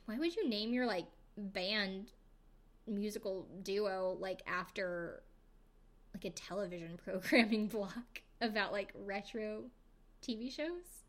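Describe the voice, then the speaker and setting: A woman's voice: medium pitch, slow pace, a bit bright. A young adult woman hosting a podcast, recapping reality TV in a casual, chatty way with lots of fillers and jokey asides. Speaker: podcast host.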